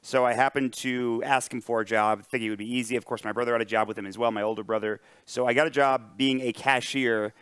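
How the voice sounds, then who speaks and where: A man's voice: medium pitch, steady tone, fast talker, few pauses, a bit bright, clean tone, dry recording. A man in his twenties from upstate New York, telling a work story casually on an esports panel. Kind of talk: casual chat.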